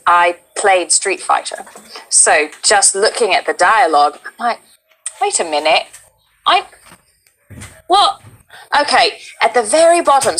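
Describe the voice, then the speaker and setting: A woman in her thirties tells a story to an interviewer in a put-on British accent. She is animated and acts out her own surprised reactions. Her pitch sits right in the middle. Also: poor audio. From Texas. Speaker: voice actress guest. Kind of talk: casual anecdote in interview.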